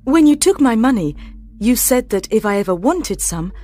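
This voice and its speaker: A woman voicing a young wife in a storybook reading, soft-spoken and pleading. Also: a little high, very animated, moderate pace.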